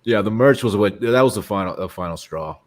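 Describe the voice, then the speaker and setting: A man's voice: lowish voice, a little fast. A man in casual comedic banter, laid-back, tacking "man" onto his lines. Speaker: panelist.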